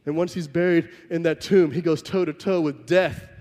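In a large hall with long reverb, a preacher delivers his sermon, acting out the scenes and telling the story with vivid emphasis. He speaks at a moderate pace in a higher, darkish voice with fairly even intonation.

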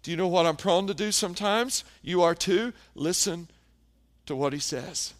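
A man preaching a sermon, telling stories and often dropping to a hushed tone for emphasis. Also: high voice. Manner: storytelling preacher, dramatic pauses, drops to hushed tones. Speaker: pastor.

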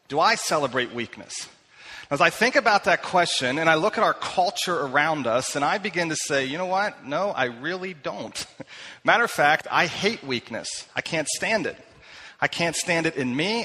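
A man's voice: on the high side, sharp tone, breathy edge. A middle-aged man preaching a sermon, telling self-deprecating personal stories with many fillers and restarts. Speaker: pastor. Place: church hall. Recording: long hall reverb.

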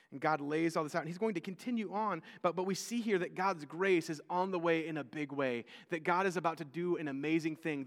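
High-voiced preacher in a reverberant hall. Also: male voice, a bit bright. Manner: conversational, repeats words, acts out quotes. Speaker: pastor. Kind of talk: sermon.

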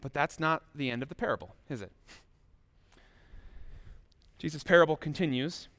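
A man's voice: on the high side, normal speed, fairly bright tone. A pastor preaching a sermon in a conversational way, speaking straight to his listeners and asking them rhetorical questions.

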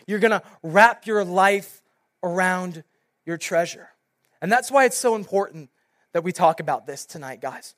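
A young man preaching to a youth group, reading scripture, praying and telling a casual personal story with animated bursts. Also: high-pitched. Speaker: youth pastor. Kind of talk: sermon with prayer and personal story.

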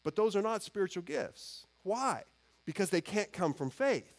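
A man's voice: sits high, lively intonation, normal speed. A man preaching a sermon in an earnest, conversational way, often restarting his phrases. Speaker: pastor.

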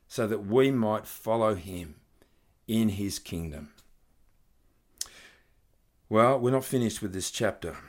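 A man with a fairly low voice delivers a sermon in an earnest, measured way. He reads scripture aloud and leans into key phrases with rising emphasis. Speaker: preacher.

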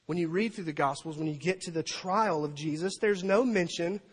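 A man preaching a sermon as pastor, animated and dramatic, acting out crowd voices and scripture quotes. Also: a little high, normal speed, breathy edge. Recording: long reverb of a large hall.

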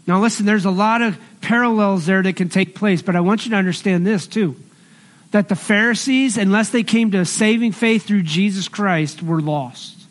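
A middle-aged male pastor with a notably high voice preaches in an earnest, conversational way. He moves between scripture and homely personal stories, speaking directly to his congregation. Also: moderate pace. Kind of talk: sermon.

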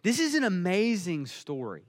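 A man's voice: high voice, wildly swooping pitch, moderate pace, in a large hall. A man preaching a sermon, earnest and emphatic. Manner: earnest, emphatic, building in intensity.

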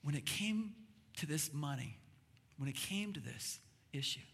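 A man's voice: on the high side, expressive, moderate pace, gravelly, fairly bright tone, breathy edge. A middle-aged male pastor telling a family story in a sermon, earnest and repeating words as he builds up. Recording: long hall reverb with faint music.

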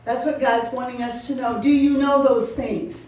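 A woman's voice: high voice, steady tone, moderate pace, a little mellow. A woman preaching a sermon, firing repeated questions at her congregation with laughing asides. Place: church sanctuary. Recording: roomy echo, from far off, faint noise.

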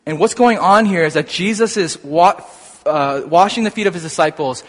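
A preacher with a fairly high voice works through scripture at a normal speed, growing animated and building to excited emphasis. A long reverb trails after him in the hall.

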